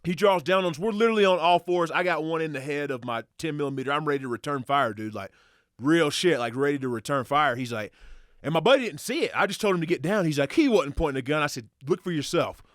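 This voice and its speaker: Excitable man telling a profane story. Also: on the high side, fast talker, no room sound, clean studio sound. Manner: animated, profane, excitable retelling with acted quotes. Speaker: podcast guest, hunter. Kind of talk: casual storytelling.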